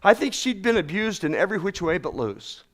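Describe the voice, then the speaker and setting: A middle-aged male pastor delivers a sermon in a folksy, homespun manner and repeats key phrases for emphasis. His voice sits high for a man. His pitch leaps around with lively, animated swings. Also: a little fast.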